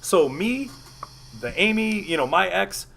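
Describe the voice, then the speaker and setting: A man's voice: sits high, expressive, a little slow, gravelly, a bit bright, a little hiss or hum. A man hosting a radio show, telling a rambling, profane story in casual chat. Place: studio.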